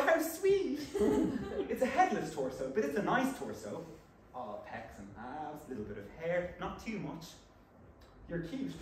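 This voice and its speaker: A young man from the West of Ireland with an Irish accent, performing a comic stage monologue, animated and exclaiming as he jumps between inner voices. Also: a little high. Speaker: actor. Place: theatre stage. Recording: echoey live stage recording from far off, noisy.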